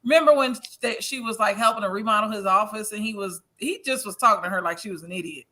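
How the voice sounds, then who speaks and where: A man chiming in on a casual recap chat, quick and a little apologetic. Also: sits high, bright, forceful tone.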